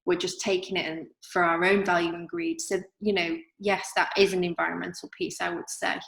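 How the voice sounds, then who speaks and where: A woman with a softened northern English accent, talking casually as an artist guest, reflective and full of fillers. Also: on the low side, level tone, fairly quick, gravelly, echoey room, low-quality recording. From northern England. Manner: reflective, chatty, many fillers. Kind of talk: casual interview chat.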